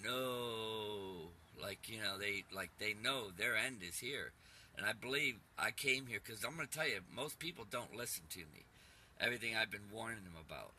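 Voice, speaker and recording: Man, middle-aged, earnest preacher, very bright voice, rambling, faint background noise. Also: mid-range voice. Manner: earnest, urgent, repeats "man". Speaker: YouTube preacher. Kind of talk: rambling personal testimony.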